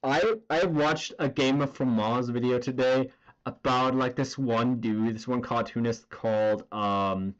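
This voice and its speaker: Here the streamer's voice is mid-range and his pace measured, though the audio still sounds dull. He keeps up casual, meandering chatter while drawing live, leaning on fillers and slipping in the odd curse.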